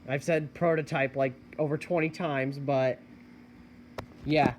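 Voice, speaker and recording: A man giving a casual product review of a collectible animatronic, unhurried and hesitant, with many filler words. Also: fairly high pitch, steady tone, a little hiss or hum.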